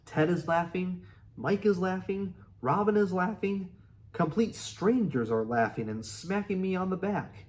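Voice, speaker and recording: A man reading a memoir aloud in an earnest, steady way. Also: high voice, a little slow. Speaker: audiobook reader.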